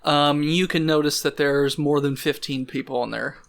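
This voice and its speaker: A man narrating as game master of a tabletop game, relaxed and often laughing. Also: on the high side, moderate pace, gravelly.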